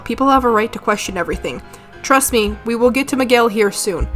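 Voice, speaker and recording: A woman giving casual video commentary, chatty, with asides and swearing. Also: a little high. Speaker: video essayist.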